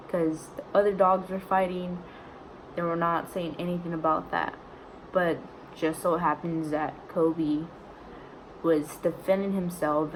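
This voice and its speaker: A woman's voice: on the low side, a little hiss or hum, rough recording. A young woman vlogger casually retelling a story, chatty and indignant, full of "like"s.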